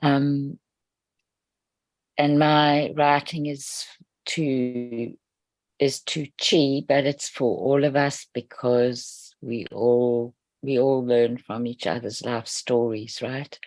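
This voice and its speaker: A woman reading a heartfelt note to a group in a gentle, earnest way. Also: extremely low pitch, fairly even intonation, slow, no room sound. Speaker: group participant.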